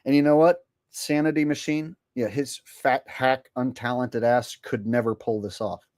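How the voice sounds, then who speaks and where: A man's voice: mid-range voice, steady tone, moderate pace, a little mellow, no echo, studio quality. A man hosting a live stream, ranting bluntly and casually with plenty of swearing. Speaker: streamer host.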